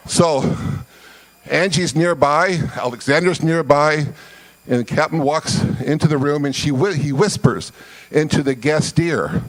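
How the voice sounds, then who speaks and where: A man originally from Scotland telling long storytelling jokes in a folksy, conversational way with drawn-out pauses. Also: fairly high pitch, poor audio. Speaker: comedian. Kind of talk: storytelling joke.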